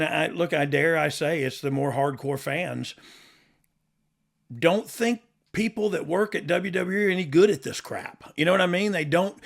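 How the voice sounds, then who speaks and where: A man's voice: fairly high pitch, creaky. A middle-aged man hosting a podcast, chatting casually in a rambling way with frequent laughs and restarts. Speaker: podcast host, former wrestler. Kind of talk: casual chat.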